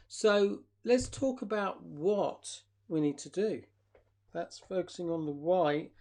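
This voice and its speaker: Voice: mid-range voice, warm tone. A therapist leading a live online workshop, asking the audience reflective questions and acting out short example dialogues.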